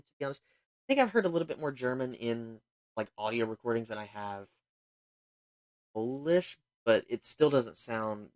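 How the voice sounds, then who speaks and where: A man's voice: mid-range voice, no echo. A man from the United States chatting casually while streaming a game, rambling and thinking aloud. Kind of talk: casual gaming livestream chat.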